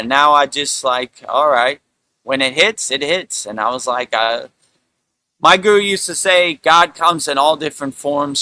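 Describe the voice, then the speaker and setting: Middle-aged guy hosting a spiritual chat, bright clear voice, dry sound, rambles a lot. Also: a little high, no room sound, low-quality recording. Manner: relaxed, rambling, many fillers like "you know". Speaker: spiritual teacher and show host. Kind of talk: casual spiritual talk.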